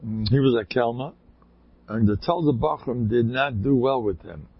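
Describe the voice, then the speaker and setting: A man with a rough, gravelly, husky voice tells long rambling anecdotes and breaks into emphatic bursts. The sound is dry and close. It is a dull, lo-fi recording. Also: medium pitch, normal speed. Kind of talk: casual spoken anecdotes.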